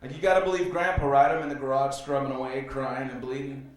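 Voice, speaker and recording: A man performing a stand-up comedy set on a club stage, rambling loosely with many fillers and telling dark jokes flatly. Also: mid-range voice, fast talker. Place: comedy club stage before a live audience. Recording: roomy club sound, distant mic.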